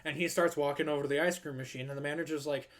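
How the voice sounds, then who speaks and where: A man's voice: on the high side, rapid-fire. A young man streaming, telling a long work story casually and acting out the people in it. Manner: animated, acts out quoted people in voices.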